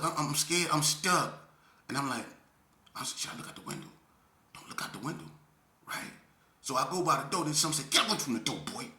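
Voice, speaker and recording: A man telling a story from his youth in a casual, animated way, full of slang and often checking in with the listener. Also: a little high, reverberant.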